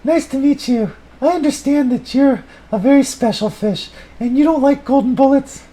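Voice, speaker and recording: A kindly, soft-spoken woman with a high, gentle, soothing voice, as a man puts her on in an improvised comedy bit. She talks calmly and warmly, well above the performer's own register. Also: normal speed, low-quality recording.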